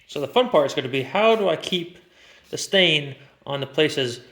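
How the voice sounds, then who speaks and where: A man's voice: on the high side, lively intonation, moderate pace. A man narrating his woodworking project in a rambling, casual way, talking to himself as he works. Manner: drops into a hushed whisper while doing delicate work. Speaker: woodworking vlogger. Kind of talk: casual talk while working.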